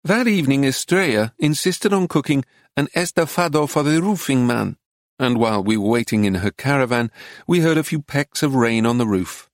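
A man reading a book aloud in measured, even storytelling narration into a close studio mic. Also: medium pitch, no echo. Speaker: audiobook narrator. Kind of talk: scripted narration.

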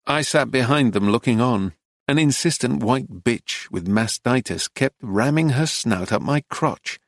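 A man narrates a story at a measured, even pace, with a mid-range voice. The recording is dry and close-miked, with no room sound. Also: mid-range voice, no echo. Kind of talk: audiobook narration.

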